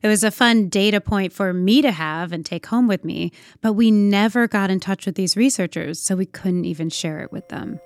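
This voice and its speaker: A woman's voice: mid-range voice, moderate pace, few pauses, dry recording. A woman telling a personal story in a reflective, conversational way, with frequent fillers. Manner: reflective, uses many fillers like "like" and "you know".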